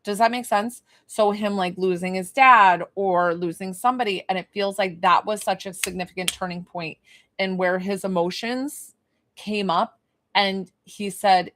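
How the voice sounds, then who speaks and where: A woman giving a psychic reading and healing on a live stream, talking in a soft, emotional, rambling and reassuring way. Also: mid-range voice, steady tone, moderate pace. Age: young adult or middle-aged, a mother. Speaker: psychic medium and energy healer, live stream host.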